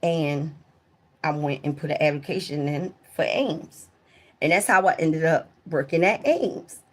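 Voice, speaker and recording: A woman telling stories from her old jobs to her live viewers in a casual, profane way, often talking straight to them and getting loud and excited when the story peaks. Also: sits low, measured pace. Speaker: livestreamer.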